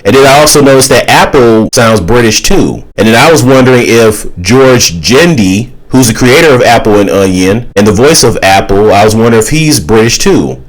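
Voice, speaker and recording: A man's voice: medium pitch, expressive, moderate pace, few pauses, rough recording. A man giving a casual, exasperated opinion rant as a YouTuber. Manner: exasperated, ranting.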